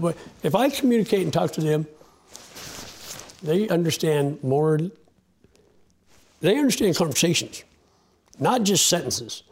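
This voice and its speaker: A sled dog racer tells a heartfelt story in an interview, folksy and plain-spoken, with many fillers and restarts. His voice is fairly high with a darkish tone and a moderate pace, and at times he's choked up and close to tears.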